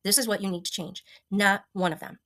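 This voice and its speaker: A woman's voice: medium pitch, steady tone, a little fast, bright, forceful tone. A woman in her fifties sharing a personal health story, earnest and emotional, with many ums and restarts. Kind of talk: personal testimonial.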